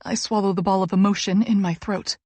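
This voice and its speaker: A woman narrating a first-person romance audiobook with earnest, emotional feeling. Her voice sits in an even, middle range and sounds close and dry, with no room around it. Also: medium pitch, a little fast, no echo.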